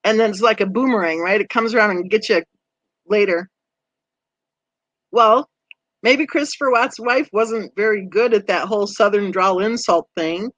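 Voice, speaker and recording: A woman hosting a true crime channel, chatting with viewers and reading their comments, conversational and quick to laugh. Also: medium pitch, a bit bright, no echo, dull audio. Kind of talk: livestream chat reading comments.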